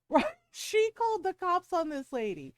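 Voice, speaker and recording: A woman streamer telling a story to her live chat, animated and profane, acting out what people said. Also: extremely high pitch, unhurried, dry recording.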